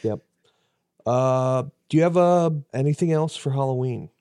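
A man's voice: mid-range voice, unhurried, mellow, smooth, no echo, studio quality. A man co-hosting a casual podcast, hesitant and full of fillers. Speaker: podcast co-host. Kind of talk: casual chat.

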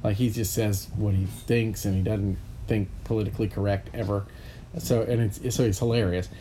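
A man's voice: on the low side, steady tone, normal speed, noisy background. A middle-aged man, hosting a podcast and telling rambling stories between bursts of laughter. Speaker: podcast host. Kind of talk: casual chat, storytelling.

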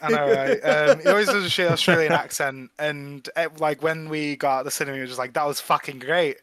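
A man's voice: a little high, fast talker, a bit bright. A man co-hosting a film podcast, bantering casually and swearing a lot. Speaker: podcast co-host. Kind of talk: casual film review chat.

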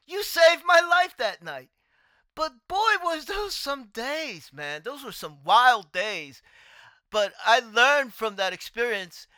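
A man spins a personal story on his podcast, his voice swinging widely up and down as he exclaims and chuckles along the way. The tone is bright and clear, recorded close and dry with no room sound. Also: very high-pitched, no echo. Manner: animated, exclaiming, often laughing. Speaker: podcast host and artist.

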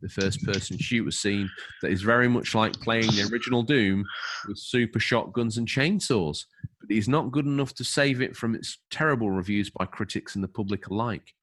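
A man's voice: fairly low pitch, moderate pace, a bit bright. A man co-hosting a podcast, chatting casually and reading out an overview with wry, opinionated asides. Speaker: podcast co-host.

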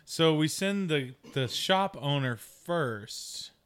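A man plays a tabletop game with friends, cracking jokes and pausing to find his words. His voice is slightly high. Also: lively intonation, fairly bright tone, clear, resonant tone. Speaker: player.

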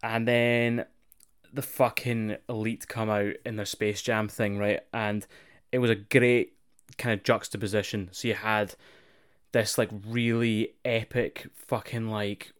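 A man chatting casually as a podcast co-host, swearing freely, excitable and rambling as he talks things through. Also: on the low side, unhurried, smooth. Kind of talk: casual wrestling review chat.

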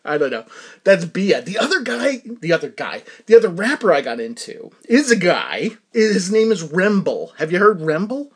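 A man hosting a casual music reaction, excitable and laughing often as he tells stories. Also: high-pitched, moderate pace, breathy edge.

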